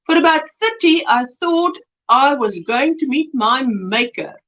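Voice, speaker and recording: A woman chats casually on a home livestream, reading viewer comments aloud with frequent exclamations. Her voice sits high and swoops widely in pitch. The audio is dull and lo-fi, like a basic webcam mic. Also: lively intonation, unhurried, fairly bright tone. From South Africa. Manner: effusive, reads chat aloud with exclamations and laughs. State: recovering from throat swelling. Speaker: livestream host.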